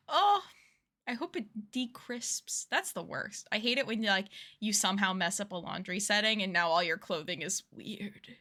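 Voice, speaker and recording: A woman's voice: medium pitch, sharp tone. Giggly, chatty woman streamer. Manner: chatty, giggly, self-deprecating. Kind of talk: casual livestream chat while gaming.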